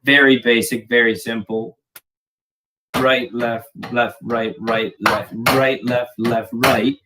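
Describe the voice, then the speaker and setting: Joking drum teacher, distant noisy mic. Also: male voice, mid-range voice, flat delivery, slow. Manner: jokey, rambling, self-deprecating. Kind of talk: casual video lesson. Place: home drum room. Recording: distant mic with clear background noise.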